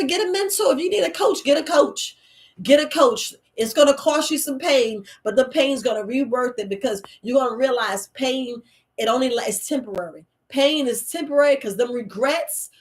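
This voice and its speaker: Animated woman giving preachy advice. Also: on the high side, brisk. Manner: animated, preachy, acts out quotes in other voices. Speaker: herbalist host. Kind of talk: casual livestream talk.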